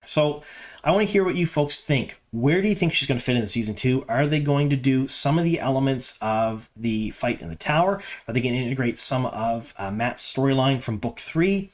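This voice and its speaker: A man's voice: mid-range voice, expressive, a little fast. Chatty man hosting a fan news show. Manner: chatty, opinionated, many ums and uhs. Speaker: fan news channel host. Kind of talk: casual solo commentary to camera.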